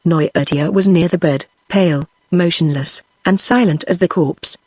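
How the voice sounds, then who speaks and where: A woman's voice: fairly low pitch, no echo. Synthetic British woman reading a novel. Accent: British English. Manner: even, measured reading of dialogue and narration alike. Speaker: narrator. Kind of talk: synthetic audiobook narration.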